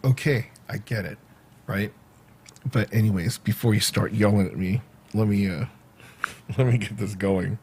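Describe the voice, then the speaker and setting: A man hosting his own livestream, chatting casually and rambling in a self-mocking, animated way. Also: fairly low pitch, a little slow, long pauses, slightly rough. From United States. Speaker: livestream host. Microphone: home livestream mic.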